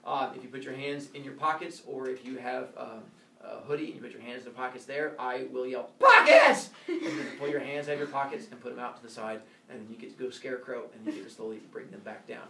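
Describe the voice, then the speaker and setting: A male teacher explaining classroom rules in a playful, joking way, now and then shouting mock corrections. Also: medium pitch, steady tone, fast, creaky, roomy sound, distant mic, slight background noise. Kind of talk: classroom instructions. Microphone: phone recording from across the room.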